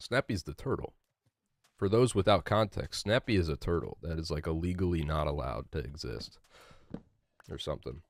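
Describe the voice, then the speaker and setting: A man's voice: a bass voice, animated, moderate pace. A young man live-streaming a game, chatting loosely with his chat, rambling and swearing casually. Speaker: gaming streamer.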